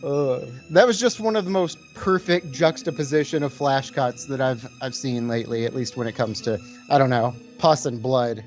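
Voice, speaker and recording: A man's voice: mid-range voice, moderate pace, few pauses, faint music behind. A man co-hosting a podcast, casually recapping movie scenes with swearing and stumbles over words. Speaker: podcast co-host. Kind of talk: casual movie-review chat.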